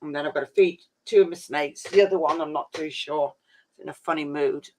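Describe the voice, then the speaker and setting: A man's voice: on the high side, a little fast, a little mellow, a little hiss or hum. A man chatting casually on a live stream, rambling and saying "flipping" a lot.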